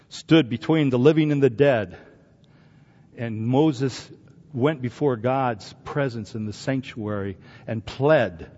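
A man preaching a sermon, lively and acting out voices from scripture. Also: medium pitch, breathy edge. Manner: animated, acts out biblical voices. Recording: dull recording in a hall.

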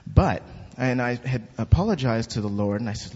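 A man giving a spoken testimony at church, animated and acting out the voices in his story. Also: mid-range voice, a little fast, few pauses, slightly rough. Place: church hall. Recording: dull lo-fi recording with long hall reverb.

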